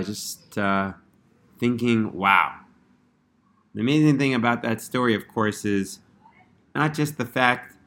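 A man telling a religious story in a casual, earnest way, rising in pitch when he quotes the people in it. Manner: earnest, animated when quoting characters.

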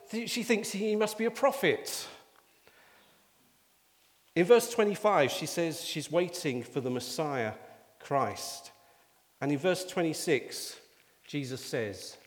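A man preaching a sermon, explaining scripture in an emphatic teaching manner. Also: on the high side. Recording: long reverb of a church hall.

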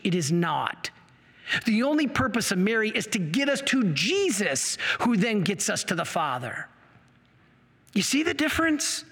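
A man's voice: sits high, sharp tone. A man giving a passionate religious apologetics lecture with slides, getting worked up as he explains. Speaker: Catholic apologetics speaker. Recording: long hall reverb.

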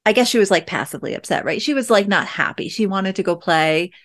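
Woman in her 30s chatting about her day, lots of likes and ums, easygoing storytelling, normal pitch. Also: lively intonation, fast talker, a bit bright. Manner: chatty, many "like" and "um" fillers, reflective. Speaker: podcast host and parent coach. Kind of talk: casual storytelling monologue.

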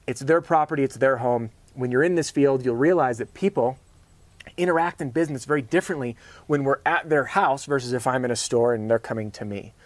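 A man hosting a sales training show, giving an energetic, casual motivational talk. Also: mid-range voice, a little fast, no echo.

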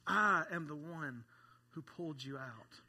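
A man's voice: a little high, unhurried, pushed and bright, slightly rough. A man in his thirties preaching a sermon to a congregation, conversational, with joking asides. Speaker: pastor.

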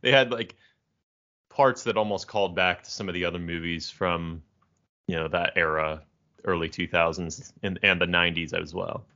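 A man co-hosting a podcast, talkative and upbeat in casual chat. His lowish voice has a bright, forward edge, heard through dull, lo-fi audio. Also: fairly even intonation, moderate pace. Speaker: podcast co-host.

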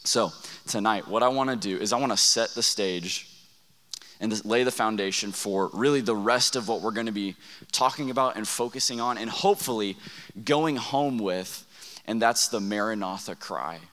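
Pastor preaching in a big echoing hall. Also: male voice, on the low side, normal speed, fairly bright tone. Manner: storytelling, conversational, asks the room questions. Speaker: youth pastor. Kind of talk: sermon to students at a camp. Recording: long reverb of a large hall.

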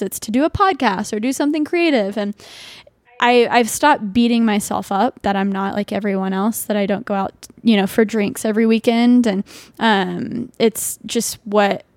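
A young adult woman chatting casually as a podcast guest, full of filler words and lively asides. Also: medium pitch, moderate pace, no room sound. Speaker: podcast guest and video creator. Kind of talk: casual conversational chat.

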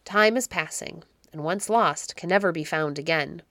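A woman reading the lines of a gruff, loyal male servant, rough-spoken but kind to a child. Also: lowish voice, normal speed, pushed and bright, no echo, studio quality. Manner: gruff, blunt.

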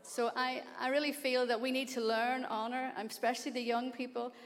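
A woman's voice: on the high side, brisk. Northern Irish woman preaching in a hall. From Northern Ireland. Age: older. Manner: effusive, laughing, rising to excited exclaims. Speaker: guest preacher. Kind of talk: warm church address. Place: large church sanctuary. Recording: long hall reverb.

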